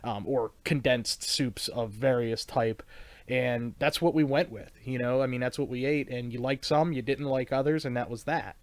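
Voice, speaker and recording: A man's voice: medium pitch, normal speed, no echo. A man from the United States, a podcast guest, chatting in an easygoing, storytelling way. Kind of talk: casual chat.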